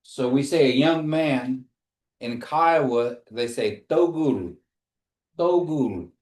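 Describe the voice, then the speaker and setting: A man teaching a language class, speaking slowly and patiently and repeating phrases for his students to say back. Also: mid-range voice, darkish tone, reverberant.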